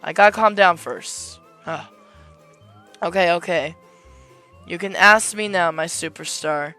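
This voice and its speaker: A man voicing a towering, obsessive knight who gushes over his idol and keeps trying to calm himself. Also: sits high, measured pace, clean tone, soft background music, heavily acted. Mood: gushing. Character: towering male knight-fan, obsessive, axe-wielding, twitchy.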